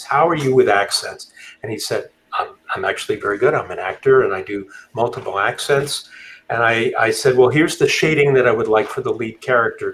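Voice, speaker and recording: A man speaks as a guest author in a relaxed conversation, in a voice of ordinary pitch for a man. He thinks aloud as he goes, pausing often with fillers and starting sentences over. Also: poor audio. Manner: thoughtful, halting with frequent fillers. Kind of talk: casual interview talk.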